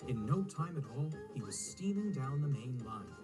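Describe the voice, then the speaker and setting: A man narrating a children's storybook in an expressive storytelling manner, with music underneath. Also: mid-range voice, moderate pace, recorded from a distance. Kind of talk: storybook reading.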